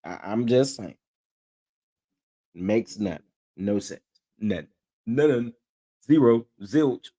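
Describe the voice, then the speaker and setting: A man's voice: lowish voice, expressive, very slow, pauses often, dark tone. A man hosting reaction commentary, incredulous and amused, laughing often as he talks. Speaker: commentary host.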